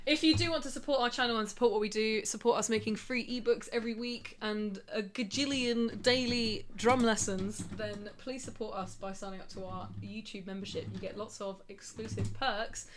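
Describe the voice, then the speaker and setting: A woman's voice: fairly high pitch, normal speed, few pauses, background noise. A woman co-hosting a casual live Q&A, chatty and often giggling as she reads out viewer questions. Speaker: co-host of a drum lesson channel live Q&A. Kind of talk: casual live-stream chat.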